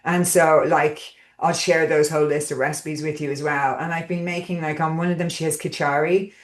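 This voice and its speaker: A woman's voice: deep voice, little pitch movement, fairly quick, echoey room. A woman hosting a casual group coaching call, talking in a rambling, chatty way with lots of fillers and check-ins with her listeners.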